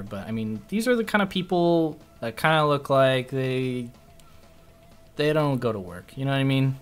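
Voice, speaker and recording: A man chatting casually on a stream, his voice sitting at an ordinary middle pitch. He rambles through a story with plenty of swearing and restarts, and turns lively and animated whenever he quotes someone. Faint music plays behind him.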